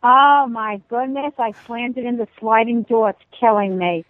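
A middle-aged woman calling in by phone, telling stories about herself in an animated, self-mocking way. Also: a little high, moderate pace, dry recording. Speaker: guest caller, host's mother. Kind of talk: phone-in chat. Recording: tinny, dry phone line.

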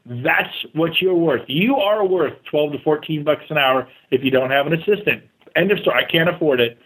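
A man with a somewhat high voice tells his story in a casual interview as a real estate agent guest. He is animated and self-deprecating. He jumps into other people's voices when he quotes them. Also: moderate pace, husky, low-quality recording. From California.

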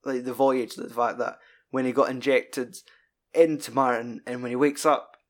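A man's voice: mid-range voice, moderate pace. A man with a Scottish accent chatting casually about films, rambling and swearing often. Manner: sweary, rambling and animated retelling. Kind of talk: casual film chat.

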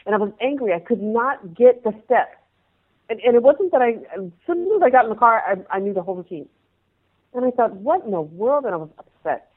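Woman guest, animated storyteller, tinny phone-quality line. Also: a little high, a little fast. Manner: animated, acts out scenes in changing voices. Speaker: interview guest, former pro dancer. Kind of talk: personal storytelling in conversation.

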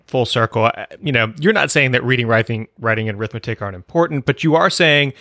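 A man's voice: medium pitch, fast, pushed and bright, no room sound, clean studio sound. A man hosting an education podcast, summing up his guest's points and asking whether he has understood them. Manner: sums up and checks the guest's points. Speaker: podcast host. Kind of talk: podcast interview.

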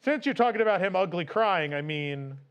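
High-voiced man reading stream donations. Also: expressive, fairly quick, clear, resonant tone, dull audio. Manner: playful, laughing, loose and chatty. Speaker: live stream host. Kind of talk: casual live stream chat, reading out donations.

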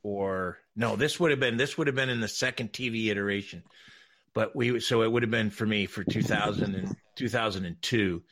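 A man, a racing broadcaster, telling stories in a casual panel chat, halting with frequent restarts and laughter. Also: mid-range voice, fairly bright tone.

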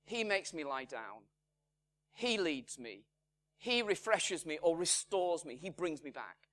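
A man preaching a sermon, measured and emphatic, his voice swinging from strong lines down to hushed, quiet ones. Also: a little high, big pitch swings. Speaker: pastor. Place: church in Salford.

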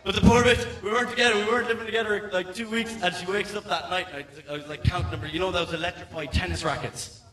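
A man's voice: high voice, steady tone, quick pace, fairly bright tone, slight background noise. A man in his thirties with an Irish accent doing a stand-up comedy set, profane and rambling, stumbling over restarts. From Ireland. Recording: echoey room, mic at a distance.

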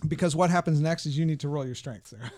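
A man's voice: fairly high pitch, fast talker, a little mellow. A man narrating as game master of a tabletop role-playing session, describing actions and rolls. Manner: plays characters in quoted lines.

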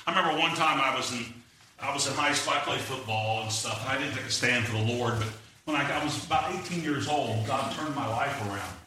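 Bright, animated preacher man in an echoey church. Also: medium pitch, a little fast. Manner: animated, acts out quoted voices. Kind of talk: sermon with personal stories. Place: church sanctuary. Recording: echoey hall, mic far off, faint noise.

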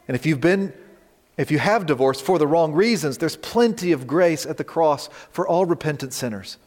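A man's voice: a little high, big-room sound. A man preaching a sermon as pastor, reading scripture aloud and explaining it verse by verse. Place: church sanctuary.

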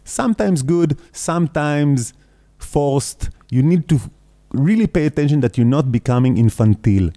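A man with a non-native English accent talks as a clown teacher, pausing often to find the right words. His voice is mellow and dark. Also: on the high side, animated. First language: not English. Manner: thoughtful, halting, searching for words.

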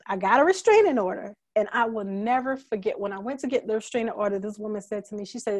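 Middle-aged woman talking real candid, halting w/ lots of ums, close dry mic. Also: medium pitch, lively intonation, dry recording. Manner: earnest, halting, many fillers and restarts; emotional, fighting back tears. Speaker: guest sharing her life story. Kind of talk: candid conversational testimony.

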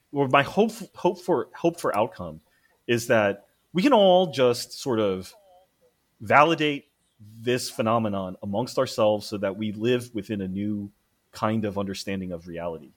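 A man in casual conversation, telling work stories in an animated way, acting out quotes and swearing freely. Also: on the low side, measured pace. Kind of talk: casual chat.

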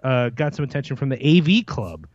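A man's voice: mid-range voice, big pitch swings, fairly quick, muffled recording. A man co-hosting a comedy podcast, joking in a dry, self-deprecating way. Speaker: podcast co-host. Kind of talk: casual comedic podcast chat.

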